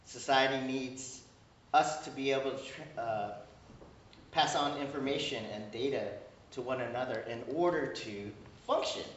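A man's voice: medium pitch, moderate pace, a little hiss or hum. Man preaching in an echoey hall. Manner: conversational, keeps asking "right?"; animated, acts out little dialogues. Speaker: pastor. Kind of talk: sermon. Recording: roomy echo, distant mic, dull sound.

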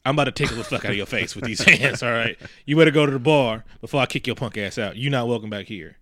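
A man's voice: mid-range voice, quick pace, fairly bright tone, no room sound, studio quality, voice pushed down, close to an everyday voice. A man voicing a swaggering male club owner who threatens someone in profane trash talk. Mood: menacing.

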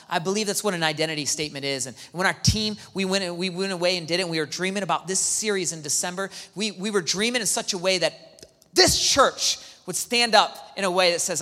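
A man preaching as a pastor, excitable, swinging from hushed asides to near-shouts and acting out quoted dialogue. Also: high voice, brisk. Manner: acts out quoted dialogue in the talk. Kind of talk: sermon. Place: church hall. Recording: long hall reverb.

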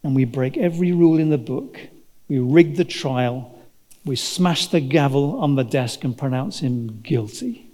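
A man's voice: mid-range voice, measured pace, darkish tone. A man preaching a sermon, telling the story dramatically and acting out the voices of its characters. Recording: long hall reverb.

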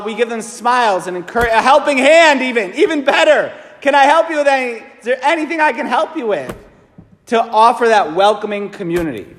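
A man, a priest, preaching a sermon in an animated, emphatic way, asking his listeners rhetorical questions. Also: high voice. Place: large church. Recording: long church reverb.

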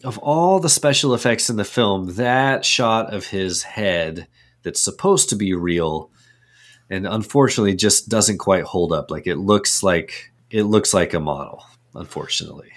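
A man's voice: fairly low pitch, expressive, moderate pace. A man co-hosting a movie podcast, chatting casually and describing scenes step by step, laughing often. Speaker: podcast co-host.

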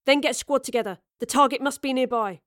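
A woman voicing a male officer who gives brisk, clipped orders in an audio drama reading. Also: sits high, a bit bright, no echo, studio quality, pitched above the performer's own voice. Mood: commanding. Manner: commanding, clipped.

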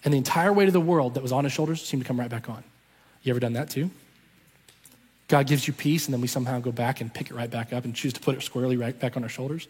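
A man's voice: mid-range voice, quick pace, darkish tone, husky. A man telling a story in a sermon, acting out the voices of the people in it. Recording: long reverb from a large hall.

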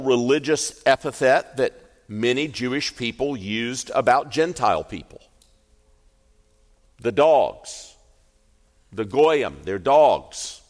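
A male pastor preaches a sermon in a lively, expressive way. His pitch rises and falls freely, and he takes his time on the key points. His voice rings through a large, reverberant church. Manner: expressive storyteller, slows for emphasis. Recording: echoey hall reverb.

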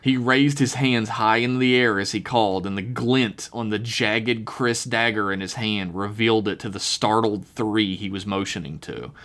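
A man reading his own written story aloud on a podcast, relaxed, slowing down on the eerie details. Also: fairly low pitch.

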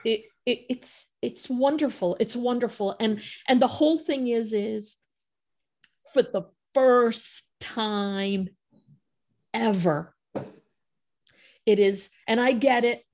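A middle-aged woman guest on a podcast, telling a story in lively casual speech, acting out quoted conversations and laughing often. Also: fairly high pitch, slow pace, pauses often.

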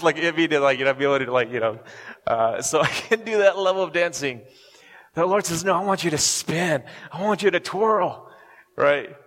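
A man's voice: a little high, a bit bright, in a large hall. A man preaching a sermon as a pastor, speaking in a conversational way, chuckling often and checking in with his listeners. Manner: conversational, chuckles often, keeps asking "right?".

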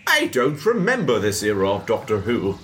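A man's voice: lowish voice, huge pitch swings, a bit bright, soft background music. A man co-hosting a comedy podcast, chatting casually with playful banter. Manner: playful, quick to laugh. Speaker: podcast co-host.

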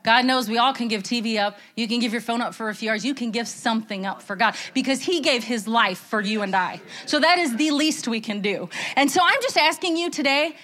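A woman speaking to her church in an earnest, chatty way, often pausing with fillers and starting over. Her voice sits a little high. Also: a bit bright. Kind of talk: informal church talk.

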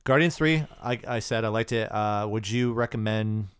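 An easygoing man co-hosting a podcast, talking films in relaxed chat with fillers and ready laughter. His voice is low-pitched and smooth. The recording is dry and close. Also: normal speed, no echo. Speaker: podcast co-host. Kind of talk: casual movie chat.

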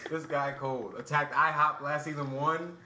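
A man's voice: fairly high pitch, steady tone, moderate pace, far from the mic. A man hosting a casual sports podcast, teasing his co-hosts and steering the talk. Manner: hyping, teasing, asks questions. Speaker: podcast host. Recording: roomy and noisy, off-mic.

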